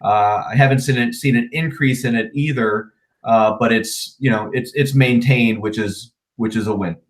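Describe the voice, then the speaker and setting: A managing partner talking casually in a remote interview, relaxed and plain-spoken, with frequent "uh"s and restarts over a video call. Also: male voice, mid-range voice, moderate pace. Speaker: managing partner of an insurance agency.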